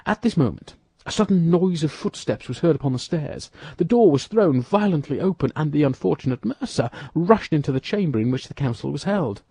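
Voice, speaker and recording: Husky man narrating an audiobook. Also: fairly high pitch, fairly quick, few pauses, no room sound. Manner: expressive, dramatic storytelling. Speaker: audiobook reader. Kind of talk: scripted narration.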